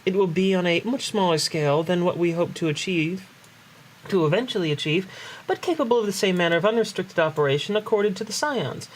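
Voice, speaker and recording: A man's voice: high voice, expressive, brisk, slight background noise, poor audio. A man reading game dialogue aloud as an earnest, formal young male statesman, in a mock-solemn way.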